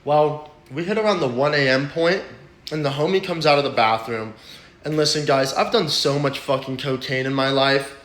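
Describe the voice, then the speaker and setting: A man's voice: on the high side, moderate pace, fairly bright tone. A young man casually telling a rambling, profane personal story in slangy talk. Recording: roomy echo.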